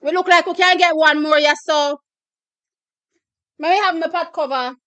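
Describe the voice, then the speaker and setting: A Jamaican woman hosting a live watch party, reacting excitably with bursts of shouting and laughter and slipping into patois. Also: very high voice, moderate pace, no echo. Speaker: watch-party livestream host.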